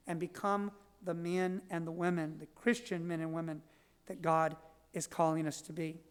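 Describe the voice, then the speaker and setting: A man's voice: high voice, clean tone. Man preaching in an echoing church. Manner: slow, measured delivery with frequent restarts and storytelling asides. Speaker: priest. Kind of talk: homily. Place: large church. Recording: long church reverb.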